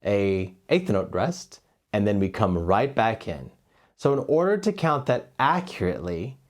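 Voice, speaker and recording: Male cello teacher, middle pitch, steady explainer who counts beats aloud, lapel mic. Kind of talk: music lesson. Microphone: lavalier.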